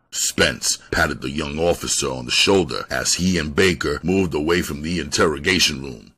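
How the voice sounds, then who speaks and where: A man reading a crime novel aloud as its narrator, in an expressive manner. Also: rumbling low, normal speed, few pauses, slightly rough. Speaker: audiobook reader.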